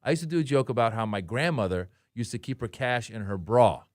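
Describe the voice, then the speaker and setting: A man in his forties, a comedian guest on the radio, tells his stories with a lively, swinging pitch and often slips into the voices of the people he quotes. His voice sits at an ordinary middle pitch. The studio sound is dry and close. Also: fast, dry recording. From Iran. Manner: animated, acts out quotes in voices. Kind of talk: radio interview storytelling.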